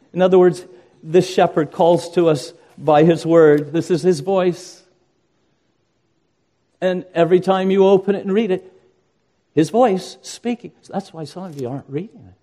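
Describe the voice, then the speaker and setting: An older man preaches with earnest conviction, often climbing into impassioned emphasis. His voice sits a little high but sounds mellow and warm in tone, with a varied, rhythmic pulpit cadence. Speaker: pastor. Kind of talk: sermon.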